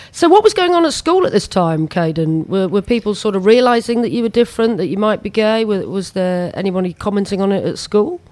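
A British woman hosting a podcast, asking gentle, sympathetic questions in an interview. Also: mid-range voice, animated, fairly quick, dry recording. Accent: British English. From United Kingdom. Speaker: podcast host.

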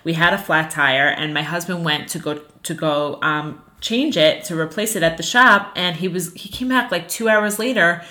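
A woman teaching a class on Jewish ethics, earnest and animated, telling personal stories with frequent fillers. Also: fairly low pitch, normal speed, hardly any pauses. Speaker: religious teacher.

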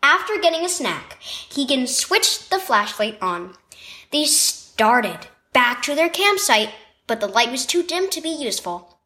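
A woman's voice: high voice, big pitch swings, measured pace, bright, forceful tone. A woman narrating a children's devotional story reading in a storytelling manner. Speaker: devotional reader.

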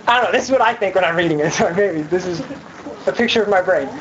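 A woman's voice: fairly low pitch, quick pace, highs cut off, slight background noise. A woman giving a casual youth sermon, chatty and full of fillers, acting out scenes in voices. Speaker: youth speaker.

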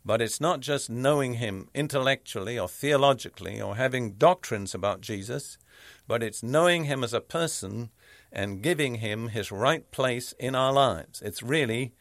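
A man preaching a sermon, teaching in a measured, emphatic way with deliberate pauses. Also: medium pitch, a bit bright, no echo, clean studio sound.

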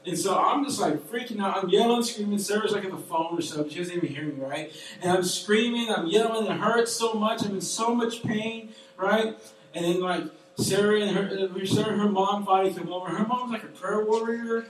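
A young man delivers a sermon in an emphatic, conversational way and breaks into stories from his own life. His voice sits high and comes from away from the microphone. The large room around him rings with heavy echo. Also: fairly quick. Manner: casual storytelling, emphatic and animated. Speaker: preacher. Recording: very echoey room, voice from far off.

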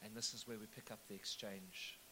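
A man's voice: fairly low pitch, fairly even intonation, brisk, background noise. A man, preaching a sermon and retelling the text as a story with joking asides. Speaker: pastor. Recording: echoey hall.

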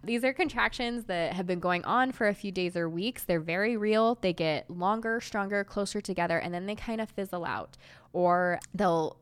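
A young woman hosts a solo podcast, speaking in a reassuring, conversational manner full of ums and likes. Her mid-range voice has a clean tone and a moderate pace.

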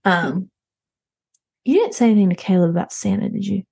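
A woman's voice: mid-range voice, animated, brisk, creaky, a little mellow, breathy edge. A woman playing a dramatic, petty mom who rambles and gossips. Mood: exasperated. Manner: rambling, gossipy, full of restarts, acts out others' voices. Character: frazzled wealthy Southern mom, dramatic, petty. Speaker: show's main character. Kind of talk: comedic character monologue.

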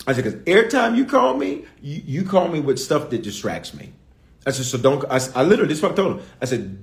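Emphatic preacher with a lively voice. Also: male voice, medium pitch, moderate pace, reverberant. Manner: emphatic, repeats key lines, calls to the audience. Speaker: pastor. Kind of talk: sermon. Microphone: streamed online service.

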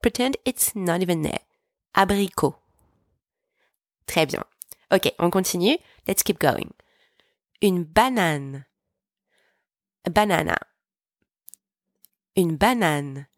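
A woman teaching a podcast French lesson, pronouncing each word slowly and clearly so listeners can repeat after her. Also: fairly low pitch, lively intonation, dry recording, clean studio sound. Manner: clear, slow, deliberate pronunciation for repeating. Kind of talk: podcast language lesson with repetition drills.

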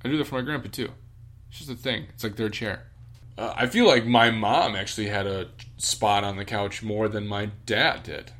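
A young man co-hosting a podcast, telling relaxed family stories in casual chat and swearing now and then. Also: moderate pace. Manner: relaxed storytelling, swears casually, mimics family in high voices. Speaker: podcast co-host.

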